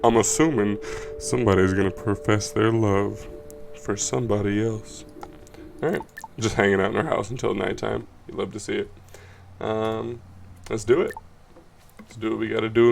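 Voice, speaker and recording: A man's voice: on the low side, fairly even intonation, moderate pace, vocal fry, faint music behind. A man chatting casually as he plays a video game, joking around and reading its lines aloud. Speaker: gameplay commentator. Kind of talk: let's play commentary.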